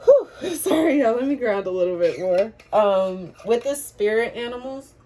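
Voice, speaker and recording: Woman tarot reader, casual and chatty, spiritual, quick to laugh, loose language. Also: mid-range voice, warm tone. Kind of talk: casual tarot reading to camera.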